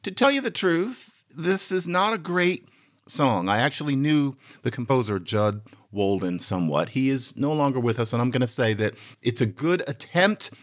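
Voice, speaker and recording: A podcast host in lively, chatty commentary, explaining a point to listeners. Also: male voice, mid-range voice, normal speed. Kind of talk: lecture-style commentary.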